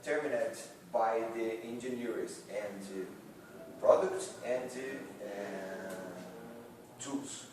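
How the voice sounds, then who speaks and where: A man gives a work presentation slowly, pausing often and searching for his words. He sounds far from the mic in a very echoey room with faint noise behind him. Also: fairly low pitch, fairly even intonation. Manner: halting, searching for words, many fillers. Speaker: student giving a practice presentation.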